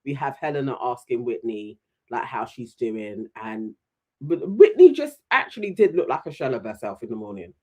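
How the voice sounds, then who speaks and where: A man's voice: mid-range voice, moderate pace. A man co-hosting a casual chat, recapping reality TV and acting out the people he quotes. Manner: animated, mimics voices when retelling scenes. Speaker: podcast co-host.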